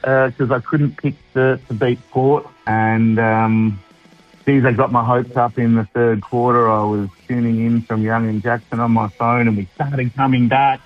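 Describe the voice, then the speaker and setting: A man's voice: mid-range voice, fairly even intonation, normal speed, muffled recording, faint music behind. A man with an Australian accent calling in to a radio show, chatting in an easygoing, rambling way with dry humour. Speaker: caller. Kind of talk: casual chat on air. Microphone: phone.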